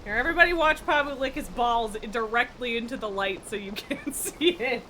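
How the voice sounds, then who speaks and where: A woman's voice: a little high, brisk, sharp tone, slight background noise. A woman live-streaming in casual chat, laughing often, swearing and scolding her pet from her home streaming room.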